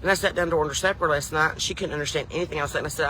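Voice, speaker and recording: A woman's voice: low-pitched, rapid-fire, pushed and bright, a little hiss or hum. A woman with a thick Southern US drawl, telling folksy, rambling comedy stories in casual chat. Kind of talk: chatty comedic storytelling.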